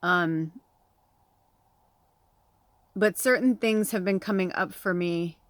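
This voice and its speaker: A woman's voice: lowish voice, slow, dry recording. Chatty woman spiritual reader, rambling. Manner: rambling, chatty, laughs often, swears casually; emotional, near tears. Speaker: tarot reader and medium. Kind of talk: casual spiritual vlog chat.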